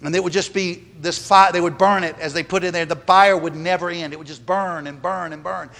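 A man delivers a sermon with a high-pitched voice, pressing each point and circling back on his phrases. His words ring out with the long reverb of a large hall. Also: fairly even intonation, a little fast, vocal fry, a bit bright. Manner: emphatic, repeats phrases. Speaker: preacher.

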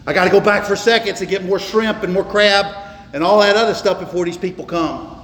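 A man preaching a sermon as a pastor, emphatic, repeating words and slowing down for stress. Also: sits high, a bit bright. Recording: echoey hall, faint ambience.

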